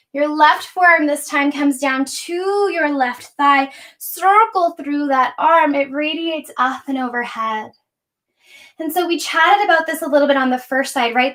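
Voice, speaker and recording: A woman's voice: sits high, fairly bright tone. A young adult woman leading a live yoga class, cueing breaths and poses in a playful way, a little out of breath as she moves along. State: slightly out of breath while moving. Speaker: yoga teacher.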